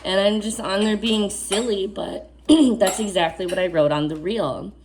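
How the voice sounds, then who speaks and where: A woman's voice: mid-range voice, measured pace, a little mellow, slight background noise. A woman giving a spiritual oracle card reading to camera. She reads the card text aloud, then adds earnest, casual asides and repeats key phrases for emphasis.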